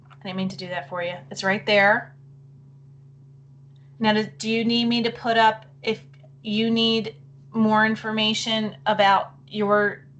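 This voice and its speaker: A middle-aged woman presenting a live online session for teachers. She talks in a chatty, apologetic way and thinks aloud while clicking through. Her voice wavers and she keeps clearing her throat. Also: mid-range voice, fairly bright tone.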